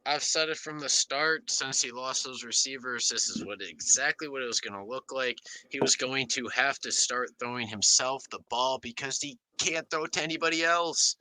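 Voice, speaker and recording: A man co-hosting a sports podcast, talking with excited, hyped-up energy. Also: mid-range voice, normal speed, hardly any pauses, low-quality recording. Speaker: podcast co-host. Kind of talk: casual sports chat.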